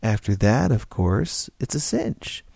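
A man doing a calm, knowing little stranger. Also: fairly low pitch, vocal fry, husky, no room sound, full character voice. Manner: patient, gently coaxing, with brisk salesman patter.

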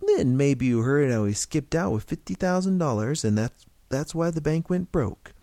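A man's voice: fairly high pitch, expressive, moderate pace, dark tone, dry recording, pitched above the performer's own voice. A man voicing a gossipy older small-town shopkeeper with a folksy drawl.

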